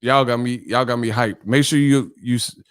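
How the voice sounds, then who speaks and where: A man's voice: mid-range voice, steady tone, moderate pace, clean tone. A male channel host in a casual live-stream chat, telling stories animatedly and laughing often.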